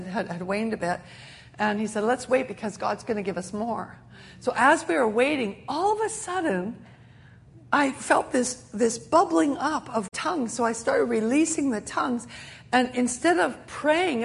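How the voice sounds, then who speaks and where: A woman's voice: fairly high pitch, vocal fry. A middle-aged woman preacher telling a sermon testimony in an earnest storytelling way, with many restarts.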